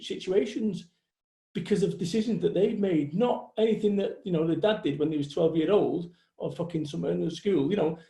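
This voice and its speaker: Gravelly man in his forties, sweary and frank, slightly high voice. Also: warm tone. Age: 40s. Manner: blunt, sweary storyteller. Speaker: guest motivational speaker. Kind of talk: casual livestream chat. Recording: echoey room.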